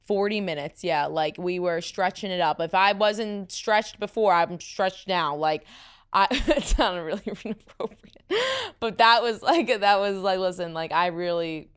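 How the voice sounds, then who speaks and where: Chatty young woman hosting a podcast. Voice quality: somewhat deep voice, some vocal fry. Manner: chatty, animated, full of fillers and asides. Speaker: podcast host. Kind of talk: casual chat.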